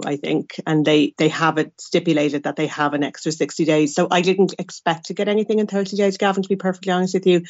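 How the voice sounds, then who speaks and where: A woman's voice: deep voice, darkish tone, no echo, highs cut off. An Irish woman giving a radio interview, speaking frankly and with exasperation, with wry asides. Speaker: interview guest, adopted person.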